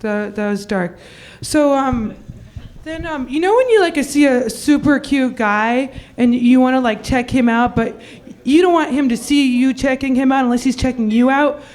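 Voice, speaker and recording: A young woman with a high voice performs stand-up on a comedy club stage. She rambles through her stories and acts out every quote in a ditzy way. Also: moderate pace, darkish tone. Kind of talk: stand-up routine.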